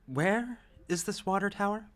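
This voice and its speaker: A man voicing a stern, clinical doctor hunting for a lost child, speaking slowly and with condescension. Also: high voice, animated, pitched above the performer's own voice. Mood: probing. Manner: clinical, condescending, slow and deliberate. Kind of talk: voicing game dialogue with friends.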